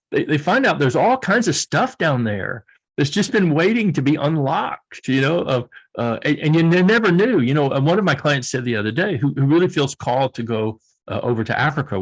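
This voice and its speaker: Earnest middle-aged Southern US man. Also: fairly high pitch. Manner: earnest, repeats and restarts phrases. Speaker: guest, leadership coach. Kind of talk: reflective coaching talk.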